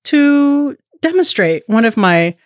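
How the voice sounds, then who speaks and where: A woman's voice: a little high, big pitch swings, takes it slowly, no room sound, studio quality. Playful American woman hosting a podcast. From United States. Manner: playful, joking, self-mocking. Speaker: podcast host. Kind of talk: casual chat.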